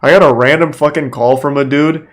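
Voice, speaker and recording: Twenties male streamer, loose crude reaction talk, slightly high voice. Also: fairly even intonation, a little fast. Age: 20s. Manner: crude, joking, acts out voices in anecdotes. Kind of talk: casual reaction commentary.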